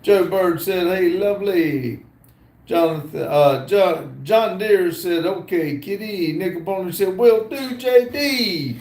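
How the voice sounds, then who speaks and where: A middle-aged Southern man with a high voice reads his live chat aloud slowly and easily, dropping in plenty of "uh"s. His phone's sound is echoey and roomy, and he is outside. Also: expressive, a little mellow. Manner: slow and easygoing, reads names and comments with many "uh" fillers. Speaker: livestream host. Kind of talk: casual live stream, reading chat aloud. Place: outdoors.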